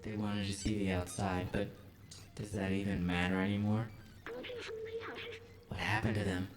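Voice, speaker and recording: A man voicing a small melancholy robot companion, reading its lines in a flat, earnest robot voice. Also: sits low, moderate pace, natural voice, poor audio. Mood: wistful.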